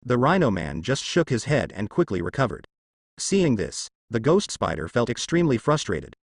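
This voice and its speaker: A man giving steady scripted narration of a translated web novel, reading sound-effect words aloud. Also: mid-range voice, normal speed, gravelly, breathy edge, no room sound, clean studio sound.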